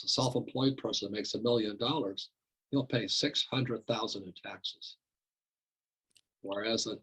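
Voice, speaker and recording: A man's voice: medium pitch, a bit bright, slightly rough, low-quality recording. An older man speaking as an interview guest in a casual chat, telling stories and repeating words as he starts his sentences. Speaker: guest author.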